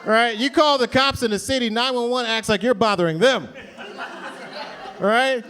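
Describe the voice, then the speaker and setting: A man's voice: extremely high pitch, normal speed. A man doing a stand-up comedy set in a club, telling a story and acting out the people in it. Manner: animated storytelling with acted-out voices. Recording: live crowd laughter.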